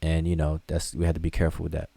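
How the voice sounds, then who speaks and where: A man's voice: rumbling low, monotone, rapid-fire, vocal fry, dark tone, dry recording. A man teaching a live online class, explaining loosely and conversationally with frequent restarts and fillers as he answers viewer questions. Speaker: hieroglyphics teacher.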